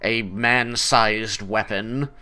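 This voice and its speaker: Bright-voiced man narrating a game. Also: fairly low pitch, steady tone, smooth. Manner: unhurried descriptive narration. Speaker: game master.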